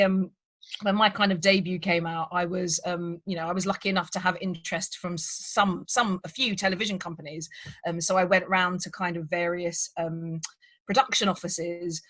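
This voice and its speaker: A woman's voice: lowish voice, moderate pace, fairly bright tone. A woman hosting a writers' panel over a video call, telling anecdotes in a chatty style with many fillers and frequent laughter. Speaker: crime writer and panel host. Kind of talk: casual panel chat.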